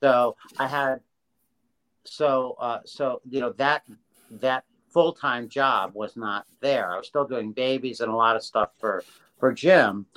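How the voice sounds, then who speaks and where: An older man being interviewed, telling a story in a casual, animated way with many restarts and voices for the people in it. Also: medium pitch, takes it slowly, low-quality recording. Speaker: interview guest, illustrator.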